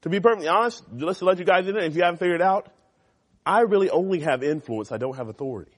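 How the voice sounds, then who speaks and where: This youth pastor, a man with a high-pitched voice, races through a sermon for teenagers in a church classroom. His delivery is animated and conversational, shifting between loud emphasis and soft asides.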